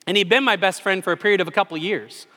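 Animated preaching man in a reverberant hall. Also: high-pitched, very fast. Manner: storytelling, animated and self-deprecating. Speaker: pastor. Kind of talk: sermon. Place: church sanctuary. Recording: long reverb of a large hall.

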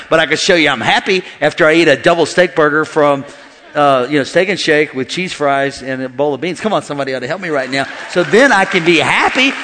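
A man preaching a sermon as pastor, animated and joking with the congregation in a large church. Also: on the high side. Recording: long hall reverb with faint music.

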